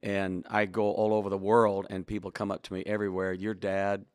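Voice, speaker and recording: A man's voice: lowish voice, flat delivery, brisk, a little mellow, dry recording. A man in his sixties, a longtime pastor and author, telling stories in an interview in an earnest, preacherly way and acting out the dialogue he quotes. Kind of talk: reflective storytelling interview.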